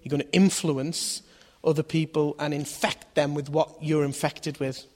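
A man's voice: a little high, little pitch movement, moderate pace. A man preaching a sermon in a conversational way, asking his listeners questions and acting out voices in his stories. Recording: long hall reverb.

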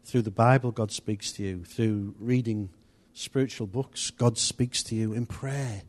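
A man's voice: lowish voice, steady tone, a little slow. A man giving an informal, chatty church teaching, rambling a little with restarts and asides. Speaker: church leader.

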